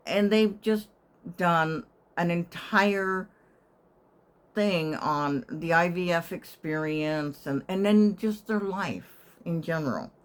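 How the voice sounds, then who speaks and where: An older woman living in assisted living, telling a wry, chatty story to her channel and sometimes whispering her inner thoughts. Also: deep voice. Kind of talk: casual storytelling to camera.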